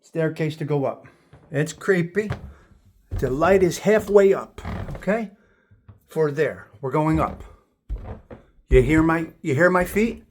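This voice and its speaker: A man's voice: on the high side, animated, slow, pauses often, a little hiss or hum. Man walking through an old house. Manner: admiring, repeats words, talks to viewers. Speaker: host giving a house tour. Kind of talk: walking house tour, casual chat. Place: inside an old house, walking between rooms.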